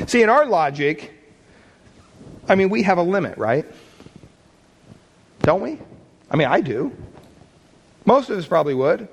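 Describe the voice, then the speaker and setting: A man preaching a sermon with a somewhat high voice. He talks in a conversational way, asking questions straight to the congregation. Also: very animated, a little slow, vocal fry, pauses often, breathy edge. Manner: conversational, asks the listeners questions. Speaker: pastor.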